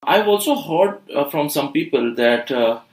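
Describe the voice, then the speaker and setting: A man's voice: on the high side, animated, a little slow, roomy sound, rough recording. A man co-hosting a podcast, asking questions in a hesitant way with many fillers. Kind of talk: conversational podcast interview.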